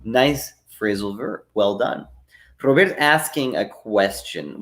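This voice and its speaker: A man teaching a live online lesson, patiently explaining phrasal verbs and reading out chat comments, with frequent "uh" fillers. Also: on the low side. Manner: reads out and answers chat comments.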